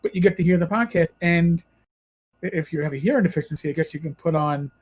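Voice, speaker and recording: A man's voice: a little high, quick pace, darkish tone, poor audio. A man with a New York accent hosting a podcast, chatting in a rambling, self-correcting way. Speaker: podcast host. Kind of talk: casual podcast chat.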